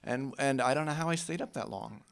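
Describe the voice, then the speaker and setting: A man's voice: mid-range voice, fairly quick, creaky, clear, resonant tone. Easygoing older man reminiscing onstage. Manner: easygoing, rambling recollection. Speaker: cinematographer on a panel. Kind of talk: casual onstage panel chat. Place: film center stage before an audience.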